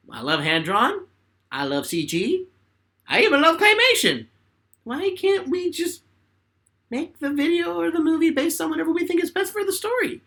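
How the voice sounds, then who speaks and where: A man's voice: very high voice, bright, forceful tone. A young man casually chatting on a live stream at home, answering viewer questions with rambling, laughing talk. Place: home room with bookshelf.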